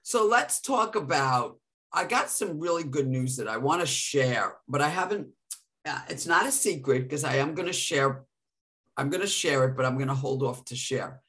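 A woman with a New York accent, co-hosting a casual podcast chat and telling stories in an animated way. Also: rumbling low, moderate pace. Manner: animated storytelling with laughs. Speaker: podcast co-host.

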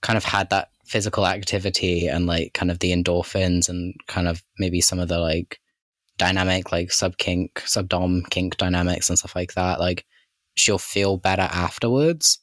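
Male podcast co-host, very low voice, dry close sound, rambling chat full of fillers. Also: steady tone, moderate pace, fairly bright tone, no room sound. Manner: rambling, heavy use of "like" and "kind of". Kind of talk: casual chat.

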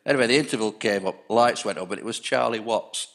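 A man's voice: on the low side, fast, gravelly. A man in his sixties telling anecdotes in a casual chat, often restarting his sentences. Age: 60s.

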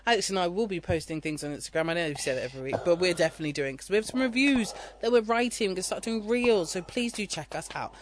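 A woman co-hosting a podcast in casual chat, excitable and quick to laugh. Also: lowish voice, a little hiss or hum. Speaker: podcast co-host.

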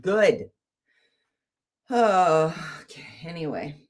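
A middle-aged woman co-hosting a casual talk show, chatty and self-deprecating, also reading a story aloud. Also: extremely slow. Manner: chatty, self-deprecating, animated swings in pitch. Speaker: podcast co-host.

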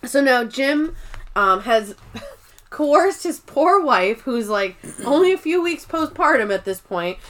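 A woman's voice: high-pitched, takes it slowly. A woman co-hosting a podcast, chatting casually as she recaps an episode, acting out lines and swearing freely. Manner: animated retelling, acting out character lines in playful voices. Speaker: podcast co-host.

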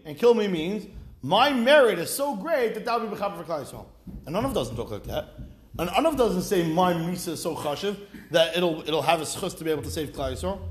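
A man giving a Torah class, reading Hebrew text and explaining it in English with animated, rising emphasis. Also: high-pitched. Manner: animated, rising to near-shouts when stressing points. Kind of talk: spoken Torah lesson.

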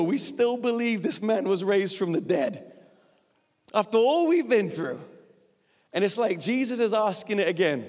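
Male pastor, earnest conversational sermon, slightly higher voice, long hall reverb. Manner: earnest, conversational, emotional preaching. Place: church hall.

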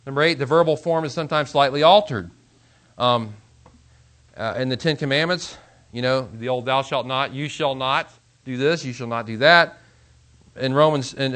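A pastor teaching a Bible class in a conversational lecture style, repeating himself, restarting phrases and chuckling now and then. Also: male voice, medium pitch, normal speed, a bit bright.

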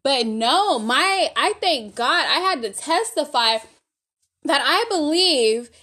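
Lady, high voice, rambly testimony vlog, keeps saying y'all. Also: animated, slow, pushed and bright. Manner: rambling, faith-filled, addresses viewers as y'all. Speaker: vlogger giving a testimony. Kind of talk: casual spoken testimony.

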